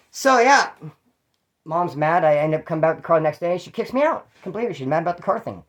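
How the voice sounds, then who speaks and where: Brief: male storyteller, quick delivery, slangy and swearing, loose and rambling. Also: on the high side, sing-song. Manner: rambling, profane, streetwise slang. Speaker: channel host telling prison stories. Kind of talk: casual first-person storytelling.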